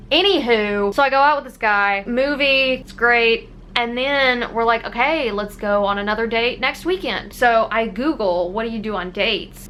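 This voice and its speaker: A young woman telling a personal story to camera in a candid, animated way, swearing casually and laughing at herself. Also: a little high, a little hiss or hum. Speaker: vlogger.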